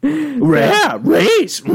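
Shaggy, a yelping goofy slacker. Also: male voice, extremely high pitch, bright, forceful tone, pitched above the performer's own voice, exaggerated voice. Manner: yelping, rowdy, laughing through lines. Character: Shaggy, lanky goofy cartoon slacker guy.

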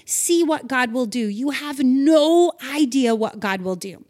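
This middle-aged woman, a devotional host, talks directly to listeners with a high voice that has a darkish tone. Her pace is slow and deliberate, yet she's animated, earnest, and encouraging throughout.

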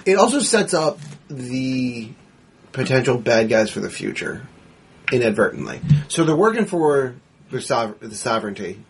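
Rambling husky-voiced man recapping a film. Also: mid-range voice, very animated, moderate pace. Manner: recaps plot in long rambling runs. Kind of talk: casual movie discussion.

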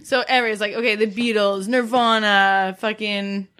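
A woman's voice: mid-range voice, fairly even intonation, moderate pace, a bit bright. Profane, laughing woman ranting on a podcast. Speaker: podcast co-host. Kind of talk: casual chat.

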